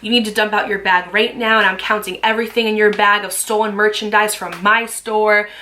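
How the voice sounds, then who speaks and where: A woman voicing a strict, self-important store security worker who scolds and yells orders. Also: medium pitch, level tone, fairly quick, slight background noise, close to an everyday voice. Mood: stern. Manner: stern, scolding, yelling.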